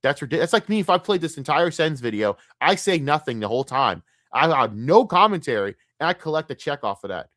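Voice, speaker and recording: A man's voice: fairly high pitch, big pitch swings, brisk, hardly any pauses, a bit bright, no echo, studio quality. A male streamer delivering blunt, profane, repetitive ranting commentary while reacting to a video.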